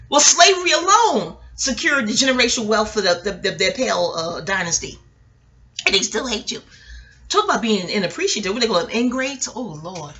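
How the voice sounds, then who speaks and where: A woman's voice: a little high, pushed and bright. A middle-aged woman giving a rambling, profane TV recap, talking straight to her viewers and laughing often. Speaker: vlogger.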